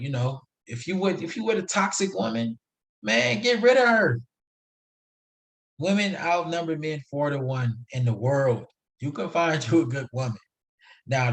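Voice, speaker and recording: A young man hosting a solo podcast, talking casually in a slangy, emphatic, preachy way. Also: medium pitch. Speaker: podcast host.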